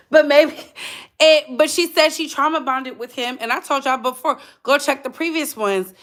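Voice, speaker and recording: A woman's voice: high voice, measured pace, a bit bright. A woman hosting a livestreamed gossip channel in blunt, chatty casual commentary, talking straight to her chat.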